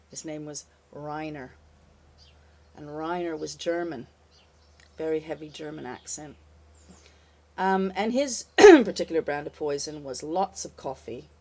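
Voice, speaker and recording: An older woman, a former bartender, telling a wry, lively anecdote in a casual spoken style. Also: sits low, normal speed, slight background noise. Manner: lively, animated, wry storytelling with fillers.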